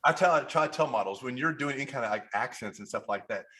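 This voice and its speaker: A photographer from Kentucky, USA, with a Kentucky accent speaks quickly in a mid-range voice as a podcast guest. In casual interview chat he tells animated stories, often restarting sentences and acting out what people said.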